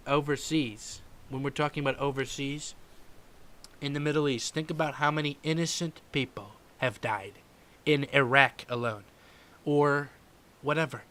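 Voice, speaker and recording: A man doing a comedic impression of a brash older male politician who rambles in circles and lets "folks" and "okay" trail off quietly. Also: mid-range voice, natural voice. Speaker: podcast host doing an impression.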